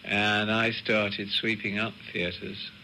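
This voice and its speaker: A man speaking in an archive interview, reflective and halting. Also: on the low side, completely flat delivery, pushed and bright, a little hiss or hum, poor audio.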